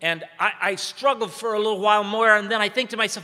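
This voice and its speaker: Bright, high-voiced man telling a story in an echoey hall. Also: steady tone. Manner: vivid storyteller, swings between urgent loud and hushed slow delivery. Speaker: speaker at a training event. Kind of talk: dramatic personal storytelling speech. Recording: echoey hall with long reverb.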